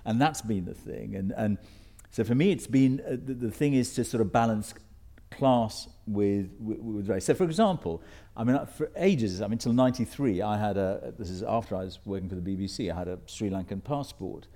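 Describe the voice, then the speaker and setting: A man's voice: on the low side, normal speed, hardly any pauses, warm tone. A man with a British received pronunciation accent, speaking as a guest on a stage panel before an audience, reflective and anecdotal, often restarting his sentences. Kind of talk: panel discussion.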